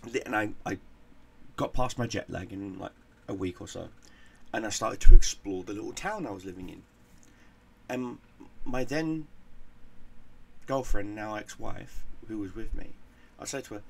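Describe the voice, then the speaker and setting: A man's voice: fairly low pitch, normal speed, vocal fry, pauses often, a little hiss or hum. A man hosting a gaming channel, telling a casual story in a profane, rambling way and repeating words as he goes.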